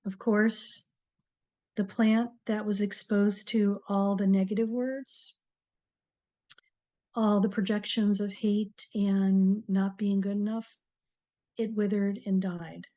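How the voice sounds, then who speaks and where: A woman hosting a TV talk, giving a slow, encouraging motivational talk to viewers with many pauses. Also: mid-range voice, flat delivery. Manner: slow, pausing, soft-spoken and encouraging. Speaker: TV show host, speaker on word power.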